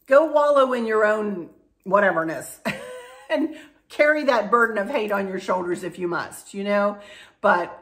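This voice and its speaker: A woman's voice: mid-range voice, sharp tone. A middle-aged woman chatting casually to her viewers, emotional and rambling, with frequent restarts. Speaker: vlogger. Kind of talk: casual chat to camera.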